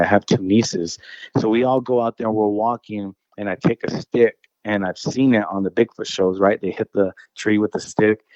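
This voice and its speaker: A man's voice: lowish voice, dark tone, no room sound, lo-fi sound. A man casually telling a personal encounter story as a guest. He rambles, restarts his phrases and keeps saying dude and bro.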